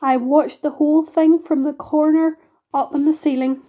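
A woman's voice: high-pitched, fairly even intonation, moderate pace, warm tone, slight background noise, close to an everyday voice. A woman voicing a sad, dignified lady spider who speaks in sighs. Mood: mournful. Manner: sighing, mournful.

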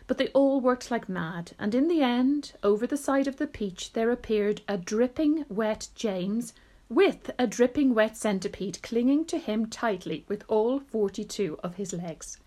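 Expressive woman reading a children's book. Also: mid-range voice, a little slow. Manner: expressive storyteller.

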